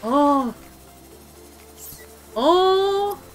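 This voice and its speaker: A young woman streaming gameplay, excitable and giggly as she exclaims over what she finds. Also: very high voice, very slow. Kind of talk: live gameplay commentary. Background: game music.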